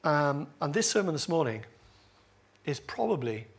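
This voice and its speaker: Pastor guy giving a sermon at church, slightly high voice, cracks jokes at his own expense. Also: sing-song, normal speed, husky. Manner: humorous, self-deprecating preaching. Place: church with congregation. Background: congregation laughing.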